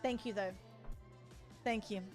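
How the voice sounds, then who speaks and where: A woman's voice: medium pitch, fairly even intonation, slow pace, faint music behind. A young woman, chatting casually and rambling with her stream viewers from home. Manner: rambling, chatty, laughs often.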